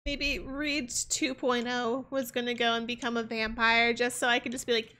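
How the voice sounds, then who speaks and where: A woman's voice: a little high, level tone, moderate pace, few pauses, sharp tone. A young woman streaming a game, chatting casually in a rambling way. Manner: rambling, full of fillers and restarts. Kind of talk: casual chat while gaming.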